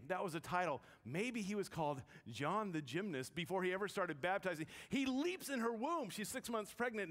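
Conversational woman pastor, long church reverb. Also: mid-range voice. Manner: conversational, joking, questions the congregation. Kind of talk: sermon. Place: church sanctuary.

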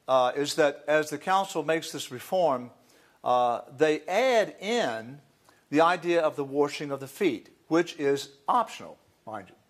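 Priest lecturing, chatty and rambling, slightly high voice, lots of ums and side stories. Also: male voice. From Florida. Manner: folksy and digressive, with asides and fillers. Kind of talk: academic lecture.

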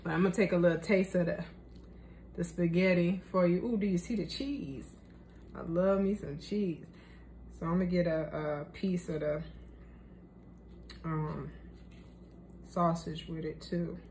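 A young woman talks casually to her viewers while she tastes her own cooking, loose and slangy in her phrasing. Her voice sits a little low. Faint background noise runs under the recording. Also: steady tone, a little slow, long pauses, a little mellow. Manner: chatty, slangy, talks while tasting food. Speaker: vlogger. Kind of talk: casual cooking vlog chat.

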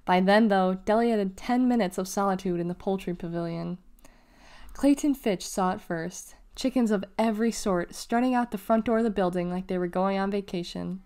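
A woman's voice: mid-range voice, moderate pace, a little mellow, clear, resonant tone. Woman reading a children's novel aloud. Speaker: reader of children's books.

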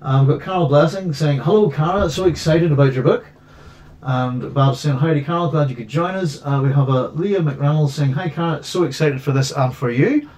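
A man's voice: a little high, brisk, a little mellow. Male host, casual, meandering chat from his home setup. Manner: rambling, many restarts and fillers.

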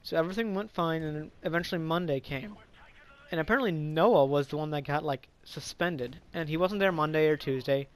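A man's voice: fairly high pitch, a little fast, clean tone. A man casually telling a story from his school days, rambling with lots of fillers, swearing, and frequent stumbles and restarts. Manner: rambling, filler-heavy, profane. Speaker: vlogger.

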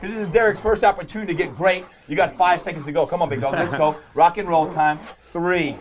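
A man working as a fitness trainer, coaching a live workout demo in an energetic, cheering way. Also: fairly high pitch, fast. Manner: energetic, upbeat, cheering on with pet names.

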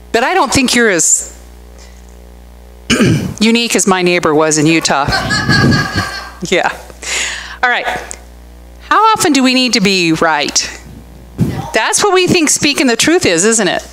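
A woman's voice: fairly high pitch, a bit bright, low-quality recording. A middle-aged woman pastor giving a conversational sermon, telling stories and asking the congregation questions. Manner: chatty, storytelling, asks the room questions.

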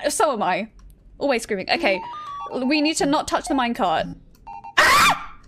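A woman's voice: high-pitched, wildly swooping pitch, normal speed. A woman streaming video games, chatting playfully, giggling often and letting out sudden shrieks. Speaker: game streamer. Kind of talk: live-streamed gameplay chat. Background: game music.

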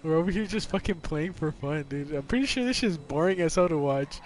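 A young man chatting and joking with a friend while they stream a video game, swearing often and quick to get excited. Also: on the high side, a little hiss or hum. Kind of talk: casual gaming chat.

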